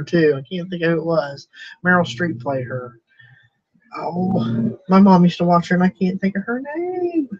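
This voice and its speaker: A man chatting casually on a live stream about reselling, rambling and chuckling at himself. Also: fairly high pitch. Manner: rambling, chuckling, self-deprecating. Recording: dull lo-fi sound.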